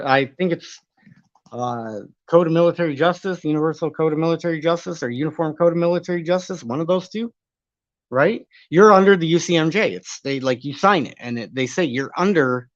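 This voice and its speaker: At a normal speed and with no room sound, a man with a slightly high voice runs a live stream, reading the chat aloud and responding. He wanders and argues, swearing from time to time, over dull, lo-fi stream audio.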